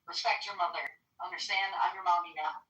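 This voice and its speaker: Scolding woman; bright tone, far off in a roomy voice-chat sound. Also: on the low side, a little fast. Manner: scolding, trying to calm him down. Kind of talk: heated online voice chat.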